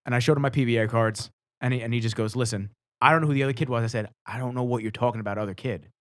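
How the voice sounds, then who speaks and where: A man hosting a podcast, telling stories casually in a fast, animated way and swearing freely. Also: medium pitch, no room sound, clean studio sound. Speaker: podcast host. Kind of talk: casual storytelling.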